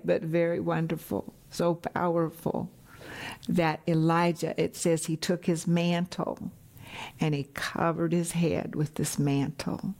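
A middle-aged woman delivering a sermon in a slow, unhurried cadence. Her voice sits a little low, and she repeats her phrases with earnest conviction. Now and then she drops into a soft, hushed whisper to press a point home. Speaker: Bible teacher.

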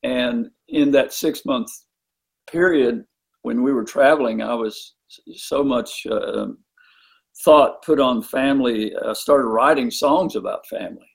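A middle-aged man, a songwriter, speaking reflectively in an interview with many pauses. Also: medium pitch, gravelly, breathy edge. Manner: halting, reflective, many fillers. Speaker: guest.

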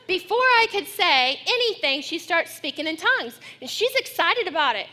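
A middle-aged woman pastor preaching a sermon, telling family stories with lively acted-out quotes. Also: extremely high pitch, moderate pace. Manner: storytelling, animated when acting out her daughter.

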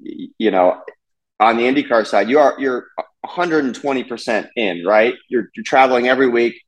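A man in his thirties talks casually as an interview guest, a racing driver. His speech is relaxed and halting, with many fillers and restarts. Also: mid-range voice, rough recording. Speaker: race car driver guest.

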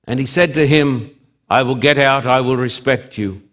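A man preaching a sermon, swinging from loud emphasis to hushed drops, with slow, deliberate, repetitive phrasing. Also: medium pitch.

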